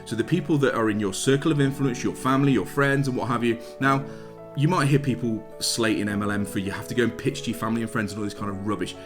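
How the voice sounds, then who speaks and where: A man's voice: medium pitch, fast, over music. A middle-aged British man talking casually to camera, blunt and plain-spoken, repeating his points for emphasis. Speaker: network marketing vlogger. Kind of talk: casual motivational talk to camera.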